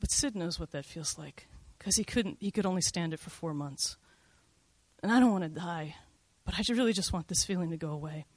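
A woman's voice: fairly low pitch, a little fast, a little mellow, no room sound. A middle-aged woman telling a first-person story in a candid, conversational way, full of "like" and "you know".

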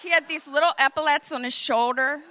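High-voiced, bright comic woman storyteller. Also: a little fast, slight background noise. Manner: animated, comic, with vivid asides. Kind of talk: personal storytelling.

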